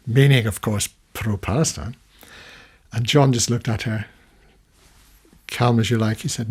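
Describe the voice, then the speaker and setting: An older man, a retired documentary filmmaker from the United Kingdom, recounting his career as a guest in a long-form radio studio interview, animated and full of restarts. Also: medium pitch, normal speed, gravelly, husky. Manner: storytelling, animated when recounting, many restarts.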